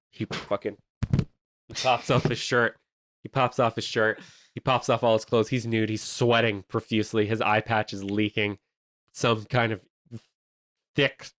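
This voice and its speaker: A man hosting a comedy podcast, telling an improvised movie pitch with lots of energy and silly voices. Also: unhurried, pauses often, no room sound. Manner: animated storytelling with silly voices.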